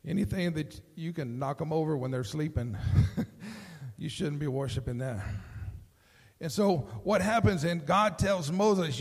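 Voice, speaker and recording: A man preaching a sermon as pastor, telling stories with lively acted-out voices and often repeating words as he starts a sentence. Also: a little high, measured pace, pauses often, slightly rough, long reverb tail. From Texas.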